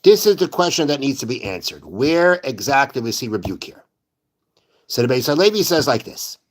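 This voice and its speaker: A man's voice: medium pitch, very animated, normal speed. A man teaching a Torah class in a synagogue. He explains step by step, repeats rhetorical questions, and weaves Hebrew verse quotations into plain talk. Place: synagogue study hall.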